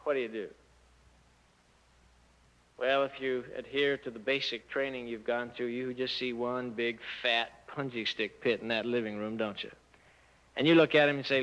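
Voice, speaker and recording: A man giving a church talk to teenagers, an animated storyteller who asks rhetorical questions and acts out the dialogue. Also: on the high side, a little fast. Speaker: church speaker addressing youth. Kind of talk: sermon-style talk to teens. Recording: muffled lo-fi recording.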